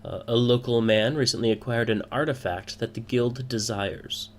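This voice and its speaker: A man's voice: medium pitch, steady tone, normal speed, a little hiss or hum, pitched above the performer's own voice, natural voice. A man doing a pompous thieves' guild boss. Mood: stern. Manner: pompous and formal.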